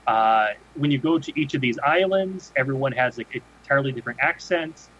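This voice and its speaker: A podcast co-host chats casually, his expressive, mid-range voice a bit bright and a little fast. He meanders and restarts often, and the audio has a dull lo-fi quality with faint background noise.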